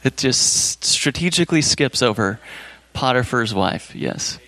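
A man's voice: medium pitch, lively intonation, measured pace, bright, forceful tone, dry recording. A man leading a Bible study group, reading a children's story aloud plainly, then chatting casually and hesitantly with the group.

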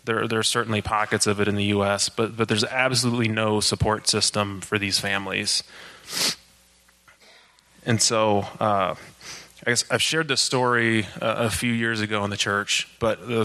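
A man from a church mission team speaking to the congregation in a steady, self-described monotone, with frequent uhs. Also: on the low side, moderate pace. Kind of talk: church talk.

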